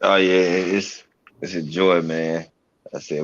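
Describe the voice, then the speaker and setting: A man's voice: deep voice, little pitch movement, a little slow, highs cut off. A man in casual chat, laid-back and slangy, speaking in an easy drawl.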